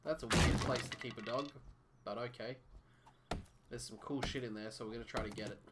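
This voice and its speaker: A man's voice: mid-range voice, fairly even intonation, fairly quick, very noisy. A man casually narrating his live gameplay, muttering to himself, swearing and chatting to viewers. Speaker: game streamer.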